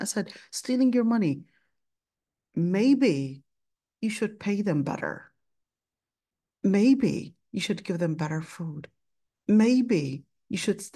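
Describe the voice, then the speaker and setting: Teaching an Islamic studies class, a woman passionately tells a personal story, acting out both sides of the conversation with quoted dialogue. Her voice sits low and has a warm tone.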